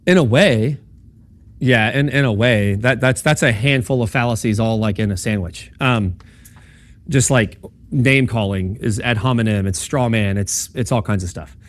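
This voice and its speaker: A man teaches in a loose classroom lecture style, checking in with his listeners and often asking "right?" He acts out short bits of quoted dialogue as he explains. His pitch sits in the middle for a man. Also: normal speed. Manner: conversational, checks in with "right?" and "okay?". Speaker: speaker at a campus talk.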